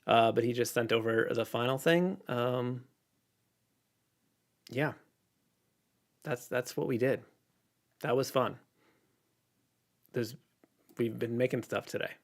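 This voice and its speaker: Relaxed rambling man on a livestream. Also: medium pitch, slow, pauses often. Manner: relaxed and rambling, many fillers and restarts. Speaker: illustrator livestreaming. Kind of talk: casual livestream chat answering viewer questions.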